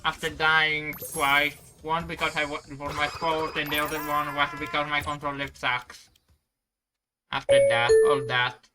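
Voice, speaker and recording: Speedrunner, mid-range voice, rambling casual play commentary, self-deprecating, halting, loud game music behind. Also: mid-range voice, little pitch movement. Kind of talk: casual commentary while playing.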